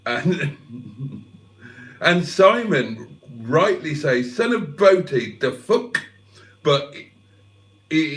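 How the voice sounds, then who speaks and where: A man's voice: medium pitch, fairly bright tone. Chatty man in his fifties. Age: 50s. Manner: chatty, self-mocking, swears freely. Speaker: livestream host. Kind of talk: casual livestream chat reading comments.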